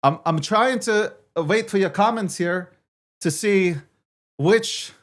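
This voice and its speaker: A man's voice: high voice, takes it slowly. A man co-hosting a casual livestream about crypto and markets, boastful and joking, often stumbling and repeating his phrases. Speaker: weekly co-host of a crypto markets show.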